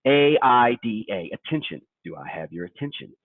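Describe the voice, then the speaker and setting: A man's voice: medium pitch, very animated, moderate pace, dry recording. A man imitating a hard-driving male sales boss from a film, punching out each word as he berates his team. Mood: berating. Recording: tinny dry phone line.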